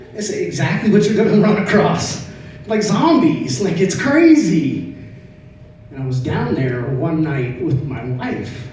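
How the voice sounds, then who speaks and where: A middle-aged man doing a stand-up set, spinning stories in a casual voice that climbs loud on the punchlines and drops to quiet asides. He is heard through a distant mic in a very echoey club room. A steady hiss of noise sits under him. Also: medium pitch. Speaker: stand-up comedian. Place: comedy club stage.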